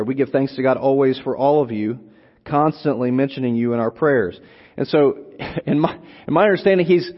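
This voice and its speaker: A man preaching an expository sermon, teaching slowly and deliberately, lingering on single words and repeating phrases for emphasis. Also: fairly high pitch. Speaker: preacher teaching on a Bible letter. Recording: long hall reverb, dull lo-fi sound.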